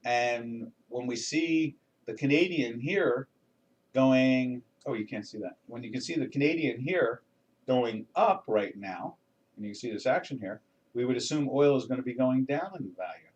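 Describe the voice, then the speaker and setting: A man's voice: mid-range voice, animated, normal speed, far from the mic, lo-fi sound. An older man hosting a live trading webinar, talking through charts in a folksy, rambling way with many restarts and fillers. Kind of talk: casual live market commentary.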